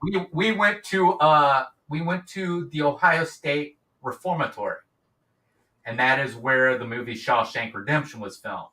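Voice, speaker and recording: A man's voice: mid-range voice, measured pace, bright, forceful tone. Middle-aged man on a roomy video call. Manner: rambling, many restarts and fillers. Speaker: guest, YouTube creator. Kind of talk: casual interview chat. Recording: roomy, distant from mic.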